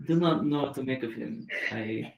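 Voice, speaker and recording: A player voicing a wary, suspicious character whose put-on German accent keeps drifting into French, speaking slowly and formally with hesitations. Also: mid-range voice, echoey room, lo-fi sound, close to an everyday voice. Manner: slow, measured, formal speech with hesitations. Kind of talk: tabletop role-play in character.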